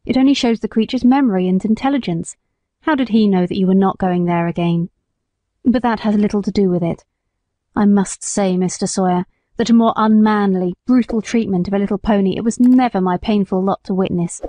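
A woman's voice: mid-range voice, brisk, dark tone, no room sound, close to an everyday voice. A woman reading the lines of a stern, kindly male country squire in an audiobook, speaking with earnest reproach.

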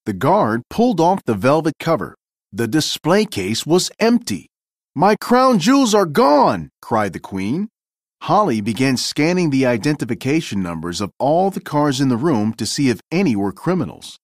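Expressive male storybook narrator. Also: mid-range voice, normal speed, dry recording, studio quality. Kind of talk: storybook read-aloud.

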